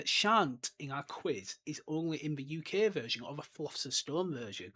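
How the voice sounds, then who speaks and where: An enthusiastic young man hosts his solo podcast, chatting casually and drifting off on tangents. His voice sits a little high and sounds bright and sharp. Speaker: podcast host.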